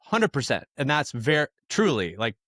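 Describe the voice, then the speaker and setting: A man, a musician guest on a podcast, telling lively conversational anecdotes in a casual storytelling style. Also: mid-range voice, normal speed, no echo, clean studio sound.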